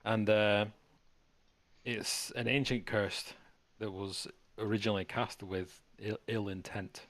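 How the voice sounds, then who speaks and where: A man's voice: on the low side, flat delivery, fairly bright tone, no echo. A man narrating a tabletop game as game master, stumbling and restarting his sentences. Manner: halting narration with stutters and restarts.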